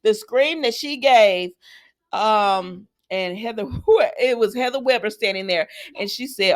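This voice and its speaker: Chatty woman recapping a soap episode. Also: mid-range voice. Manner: rambling, chatty, many ums and restarts; paraphrases characters' lines with quick asides. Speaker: soap opera recap host.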